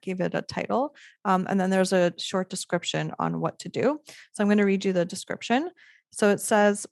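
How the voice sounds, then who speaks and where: A woman giving a casual, chatty tutorial on photography prompts, upbeat with lots of filler words and sudden high bursts when she acts out cheering couples on. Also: gravelly, no echo. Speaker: photography educator.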